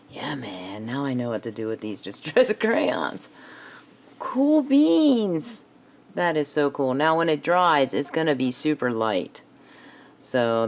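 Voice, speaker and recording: A woman's voice: a bass voice, creaky. A woman chatting casually to herself while she crafts, muttering and laughing often. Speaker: craft video maker.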